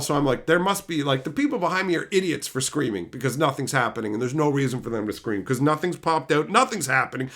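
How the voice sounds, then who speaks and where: A man's voice: fairly high pitch, animated, fast, hardly any pauses, sharp tone. A man streaming, telling a story in a casual rant, profane, exasperated and mocking.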